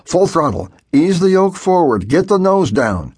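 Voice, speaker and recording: Casting note: man playing a desperate pilot on the radio, husky, high and urgent. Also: very animated, unhurried, darkish tone, full character voice. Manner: urgent, pleading radio instructions. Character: tense adult male pilot talking down a plane.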